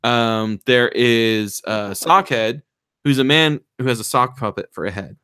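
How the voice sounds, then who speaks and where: A man on a podcast excitedly retelling a movie plot, acting out the lines in raised voices and swearing freely. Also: mid-range voice, measured pace, clear, resonant tone, no room sound, studio quality. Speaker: podcast co-host. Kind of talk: casual chat, retelling a movie.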